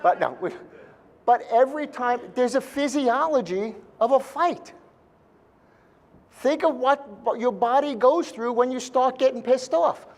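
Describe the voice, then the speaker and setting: A man's voice: very high-pitched, unhurried. A man speaking live to a seminar audience, blunt and joking, with mild swearing.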